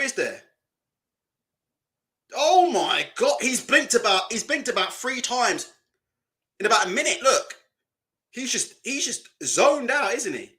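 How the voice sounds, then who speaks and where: A man with a fairly high, bright voice reacts to clips on a live stream. His pitch swings a great deal as he mocks what he sees, asks rhetorical questions and breaks into laughter.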